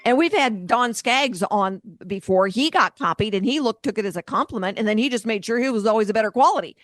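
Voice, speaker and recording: A woman's voice: on the high side, lively intonation, brisk, fairly bright tone, no echo. A woman co-hosting a radio talk show, explaining invention matters with confidence. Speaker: co-host, invention expert.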